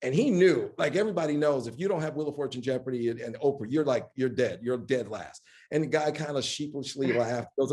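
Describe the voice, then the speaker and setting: On stage in an event hall, a media executive guest talks quickly in a mid-range voice, barely pausing. His storytelling in this live conversation is lively and emphatic, with other people's lines acted out.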